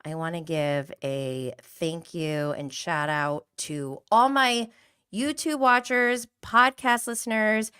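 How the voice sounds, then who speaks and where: Hosting a casual podcast about reality TV, this thirtysomething woman talks in an animated, chatty way at a slow pace. Her voice is a bit low, clear and resonant, and she often laughs as she welcomes people in the live chat by name.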